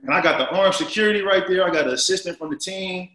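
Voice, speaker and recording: A man in his forties telling a long story as an interview guest, rambling and animated, with many fillers. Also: sits high, fast talker, reverberant, low-quality recording. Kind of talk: casual storytelling.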